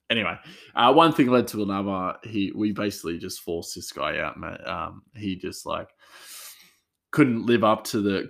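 A man's voice: lowish voice, gravelly, fairly bright tone. A man, a chef, telling work stories in a rambling casual way with many fillers and restarts. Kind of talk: casual storytelling.

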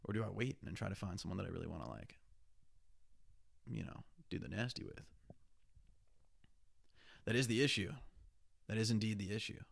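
A man's voice: lowish voice, moderate pace, vocal fry, long pauses. A young man hosting a solo podcast, talking in a rambling, profane, candid way. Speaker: podcast host. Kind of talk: casual solo podcast monologue.

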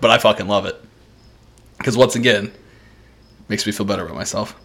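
A man's voice: on the low side, brisk, a bit bright. A man co-hosting a podcast in casual chat, who laughs often and acts out other people's voices. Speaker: podcast co-host.

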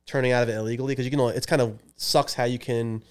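A man co-hosting a casual podcast, chatting in a quick, joking way. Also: mid-range voice, fairly even intonation, clear, resonant tone. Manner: quick, jokey, brags about his driving. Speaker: podcast co-host. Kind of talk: casual chat.

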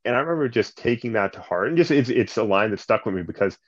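Man, late 30s, coach, animated storyteller, lowish pitch, dull lo-fi recording. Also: fast talker. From Canada. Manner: animated, lots of fillers, acts out quotes. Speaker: basketball coach and nonprofit leader. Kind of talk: conversational storytelling. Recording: slightly muffled sound.

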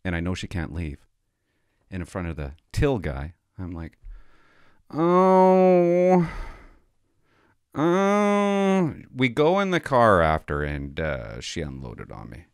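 A man's voice: rumbling low, wildly swooping pitch, moderate pace, gravelly, a bit bright, dry recording, clean studio sound. A middle-aged man telling a rambling, self-mocking comic story to his vlog audience. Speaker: vlogger.

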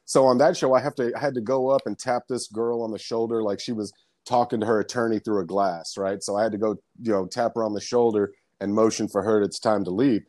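A man's voice: on the low side, steady tone, fast talker, darkish tone, no echo, clean studio sound. A man telling casual stories as a podcast guest, rambling and swearing, laughing often. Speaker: guest, comedian and background actor. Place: lives in Florida.

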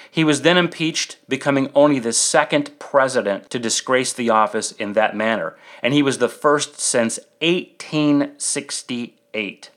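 A man hosting a podcast, reading prepared political commentary in an emphatic, measured way with rhetorical questions. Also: medium pitch, fairly bright tone. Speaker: podcast host.

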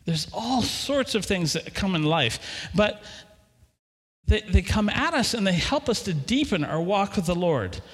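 A middle-aged man preaching a sermon in church, animated and asking the congregation questions. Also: sits high, measured pace, husky. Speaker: pastor. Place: church hall. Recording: long hall reverb.

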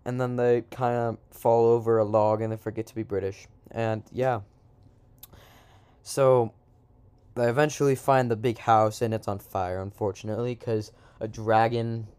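A man's voice: lowish voice, little pitch movement, a little slow, darkish tone, clean tone. A man improvising a silly comic story in a rambling, slangy way, with lots of asides.

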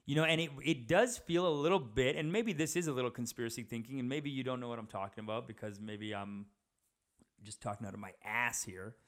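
A young man rambles through a casual comic monologue, animated and loose. His voice sits at an ordinary middle pitch, and he keeps dropping in filler words as he goes. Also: a little fast. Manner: rambling, animated, says dude a lot.

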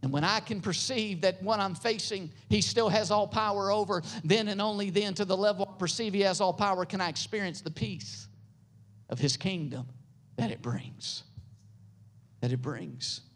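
A pastor preaching a sermon, building up into loud, high passages and then dropping to soft, low, quiet lines. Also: moderate pace.

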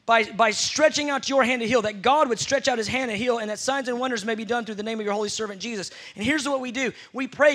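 A man's voice: very high voice, quick pace, hardly any pauses, a bit bright. A man preaching a sermon, telling stories with playful acted-out scenes.

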